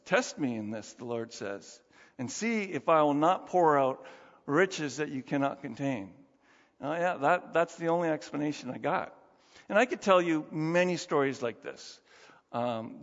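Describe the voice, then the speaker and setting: A middle-aged man preaching a sermon in an animated, conversational way, full of rhetorical questions. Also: on the high side. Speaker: pastor. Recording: dull, reverberant hall sound.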